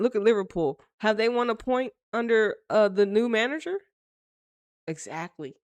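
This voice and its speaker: A woman talks football in loose, unscripted banter with a high voice that leaps all over the place. Her delivery is animated and profane, full of quick asides, and the sound is dry and close with no room around it. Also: dry recording. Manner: animated, profane, rapid banter with acted quotes. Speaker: football commentator. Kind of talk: casual reaction commentary.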